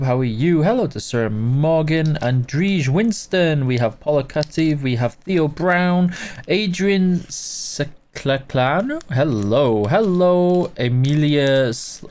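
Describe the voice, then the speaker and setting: A man's voice: on the high side, expressive, slow pace, darkish tone. A man hosting a casual live game stream, greeting viewers by name and answering chat while tired and yawning.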